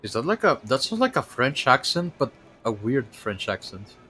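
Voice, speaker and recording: A man's voice: mid-range voice, big pitch swings, moderate pace, sharp tone, faint music behind. A man streaming a video game, chatting casually and rambling through his thoughts. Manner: rambling, full of fillers and restarts. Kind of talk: casual gaming commentary.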